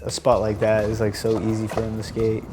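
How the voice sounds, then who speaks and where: A man giving relaxed, admiring interview comments about a fellow skateboarder. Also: on the low side, fairly quick, noisy background.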